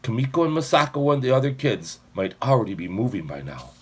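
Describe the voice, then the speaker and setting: A man's voice: medium pitch, big pitch swings, quick pace, husky. A man narrating an audiobook expressively, shifting his voice for each character.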